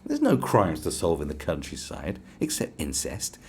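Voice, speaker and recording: A man's voice: low-pitched, moderate pace, a little hiss or hum. A young man hosting a podcast, telling stories in a casual, swearing rant and acting out quotes. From England. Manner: animated, swearing, acts out quotes in raised voices. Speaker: podcast host.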